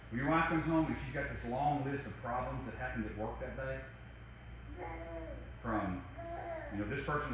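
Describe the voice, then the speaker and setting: A man preaching a sermon as pastor, talking conversationally with big swings from loud to soft. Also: very echoey, slight background noise. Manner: conversational preaching with wide swings in loudness and pitch. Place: church sanctuary.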